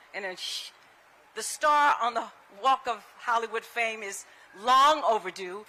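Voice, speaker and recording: Bright-voiced woman giving a lively tribute. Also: a little high, a little hiss or hum. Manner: animated storytelling, acts out quoted voices. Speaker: ceremony speaker giving a tribute. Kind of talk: public tribute speech. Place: outdoor ceremony.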